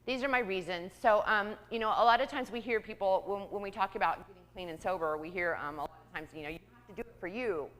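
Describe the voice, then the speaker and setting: A woman who works as a church outreach coordinator, giving a candid personal testimony in a conversational way, with many pauses and ums. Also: mid-range voice, fairly bright tone. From Kansas, US. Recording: reverberant church hall.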